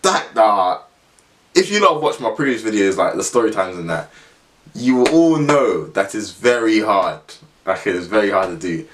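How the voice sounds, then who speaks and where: A man's voice: on the low side, very animated, normal speed, fairly bright tone, a little hiss or hum. A young man, telling a funny story in a casual vlog, slangy and rambling, often laughing as he talks. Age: young adult. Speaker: vlogger.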